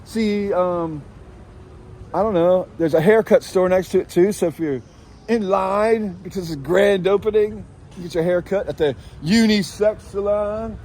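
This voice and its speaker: A man doing a satirical street report outdoors at night, rambling with crude deadpan jokes as he quizzes passers-by. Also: high voice, measured pace, a little hiss or hum. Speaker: street vlogger asking passers-by questions. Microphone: handheld camera.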